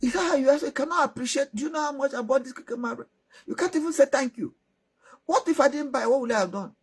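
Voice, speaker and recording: A woman's voice: sits high, expressive, fairly quick, slightly rough, pitched above the performer's own voice. Woman doing a hurt, reproachful husband. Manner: reproachful, pleading questions. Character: hurt exasperated husband, man.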